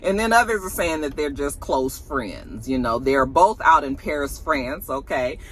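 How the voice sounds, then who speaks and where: Sassy woman gossiping with bright voice. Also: low-pitched, expressive, measured pace, few pauses. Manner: sassy, chatty, slangy asides to the audience. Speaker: celebrity gossip vlogger. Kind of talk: casual gossip chat to viewers.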